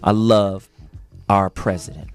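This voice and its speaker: A man doing an earnest older man, voice dropped low. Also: slow, soft background music. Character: earnest 67-year-old man from Mississippi, preachy.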